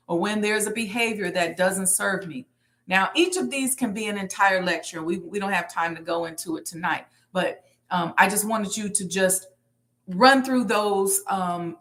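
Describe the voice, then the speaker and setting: A woman's voice: mid-range voice, fairly bright tone. A woman teaching manifestation to a live online audience, repeating her key lines like a preacher.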